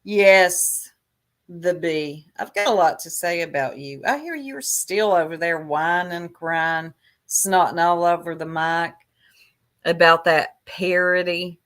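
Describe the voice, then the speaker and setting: A woman gossips on a casual livestream in a low, unhurried drawl. Her manner is chatty and catty, and she lingers over every jab. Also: a bit bright.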